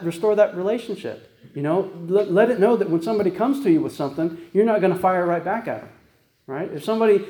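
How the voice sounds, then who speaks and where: Male pastor, fast conversational sermon, mellow voice, echoey church room. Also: high-pitched. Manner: conversational, repeats "right?" and "guess what?".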